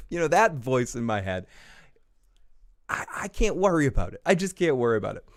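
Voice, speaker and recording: A man hosts a casual live review show, rambling, swearing, and laughing between points. His mid-range voice is very animated and a little fast, picked up by a small recorder on the desk.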